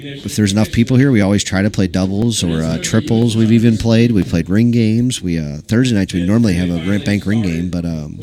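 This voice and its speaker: Low-voiced man rambling in a busy pool hall. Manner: loose, chatty, many fillers and some swearing. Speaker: pool hall owner and stream host. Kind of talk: casual rambling storytelling. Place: small pool club with two tables. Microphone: live stream mic. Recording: crowd noise of a pool hall. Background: chatter of pool players.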